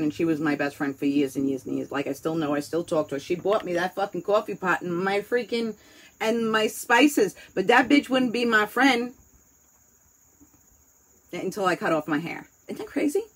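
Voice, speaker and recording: A woman's voice: lowish voice, normal speed, a bit bright, low-quality recording. A woman with a New York accent chatting casually, candid and rambling, swearing freely as she talks. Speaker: host. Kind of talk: casual chat.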